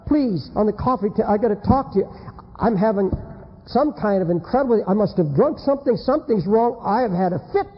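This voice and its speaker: A man's voice: sits high, animated, a little fast, breathy edge, pitched above the performer's own voice. A preacher acting out the frantic pleas of a man terrified he has died, his voice climbing as he begs. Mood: panicked. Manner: frantic, pleading, voice cracking upward. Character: panicked man waking from a hellish dream. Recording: dull old tape with long reverb.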